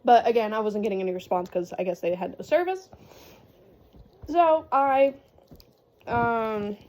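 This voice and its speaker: A woman's voice: fairly high pitch, unhurried, darkish tone. A young woman casually telling a story in a rambling vlog style, with lots of fillers and laughs. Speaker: vlogger.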